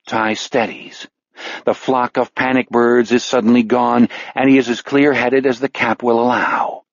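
Measured man reading a dark audiobook. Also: medium pitch, flat delivery, creaky, no room sound, dull audio. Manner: measured, slows on grim details. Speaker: narrator. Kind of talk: audiobook narration.

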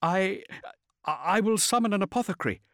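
Man doing a frightened young woman, high trembling voice, pleading, audiobook reading. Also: animated, moderate pace, gravelly, no echo, clean studio sound. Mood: anxious.

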